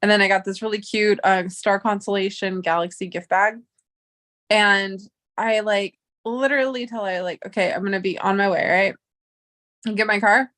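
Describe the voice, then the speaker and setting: A woman's voice: medium pitch, moderate pace, a bit bright. A young woman vlogger telling a story in a chatty, exasperated way, swearing freely. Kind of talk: casual storytime vlog.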